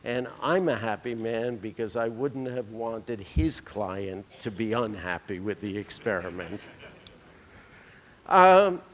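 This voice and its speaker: Man giving a keynote in a reverberant hall. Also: mid-range voice. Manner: anecdotal storyteller with dry humor. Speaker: keynote speaker. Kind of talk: conference keynote speech. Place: conference hall.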